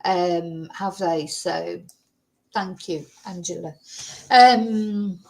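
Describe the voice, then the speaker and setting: A woman's voice: fairly low pitch, fairly even intonation, extremely slow, creaky, a little mellow. A woman hosting a casual livestream. She rambles chattily and thanks viewers as she goes. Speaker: livestream host.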